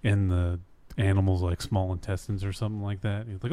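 A man with a fairly low voice banters on a podcast and throws in crude, profane jokes. He mostly chimes in with short replies. The sound is dry and close. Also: little pitch movement, brisk, warm tone, dry recording. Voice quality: profane, wisecracking.

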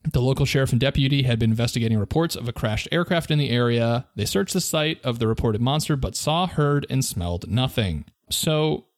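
A man's voice: mid-range voice, animated, a little fast, few pauses, no room sound, studio quality. A man co-hosting a podcast, telling a story in a playful, joking way and laughing often. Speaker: podcast co-host. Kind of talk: casual storytelling chat.

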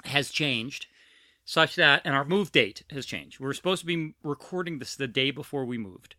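A woman's voice: rumbling low, moderate pace, bright, forceful tone, no room sound. A trans woman hosting a podcast in casual, scatterbrained, self-mocking chat. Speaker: podcast host.

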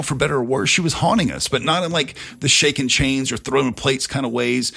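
A middle-aged man tells a story in a gravelly, husky voice, loose and conversational with plenty of swearing. He hosts a podcast, and faint music sits underneath him. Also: mid-range voice, a bit bright. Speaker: podcast host. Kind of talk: casual storytelling.

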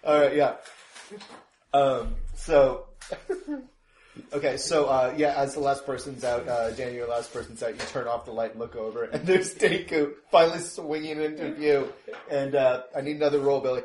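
A man's voice: mid-range voice, steady tone, darkish tone. Man game master, hesitant narration, echoey room, noisy background. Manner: halting, many fillers, laughs often.

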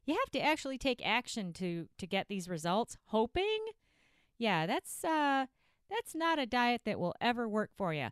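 A woman's voice: fairly high pitch, big pitch swings, moderate pace, smooth, dry recording, studio quality. A woman hosting a weight-loss podcast, talking bluntly and a little profanely into a podcast mic. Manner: blunt, outspoken, mildly profane. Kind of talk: blunt motivational podcast talk.

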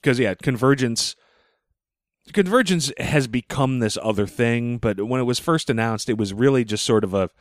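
In a mid-range voice at a moderate pace, a podcast co-host chats casually from his living room, rambling wryly and sometimes swearing. The mobile rig yields a dry, studio-quality sound.

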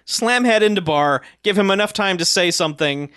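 Co-host type: sardonic guy, slightly high, bright tone, dry close mic. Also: expressive, fairly quick, smooth, dry recording. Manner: sardonic, laughs often, acts out quotes. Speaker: podcast co-host. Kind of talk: casual movie-review chat.

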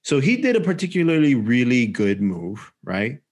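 A man in his forties casually chatting as a podcast co-host, telling an animated story with swearing and acted-out quotes. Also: mid-range voice, normal speed. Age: 40s. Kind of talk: casual chat.

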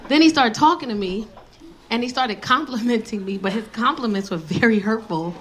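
A woman's voice: fairly high pitch, normal speed. A woman comedian telling a story on stage and bantering with the audience. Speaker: stand-up comedian. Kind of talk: stand-up comedy. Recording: live club set with loud crowd.

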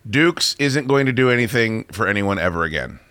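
Profane ranting talk-show host, bright voice. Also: male voice, fairly low pitch, animated, brisk, no echo. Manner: profane, ranting, bursts into shouting and laughter. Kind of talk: casual radio-show rant.

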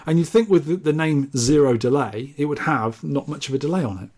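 A man's voice: fairly high pitch, fairly quick, darkish tone. A man co-hosting a casual retro gaming podcast, reading out listener messages in a jokey, rambling way. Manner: jokey, rambling, self-deprecating. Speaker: podcast co-host.

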